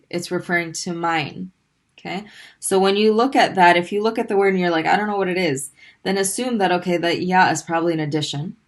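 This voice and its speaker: Woman teacher for a recorded online lesson, lowish voice, patient, stretches sounds out when modeling them. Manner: patient, drawn-out modeling of sounds between brisk explanations. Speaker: Arabic language teacher.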